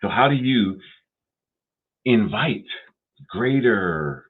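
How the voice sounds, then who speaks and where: Slow, low-voiced man preaching a sermon. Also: expressive, slightly rough. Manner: deliberate, repetitive, rhetorical questions. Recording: tinny phone-like sound.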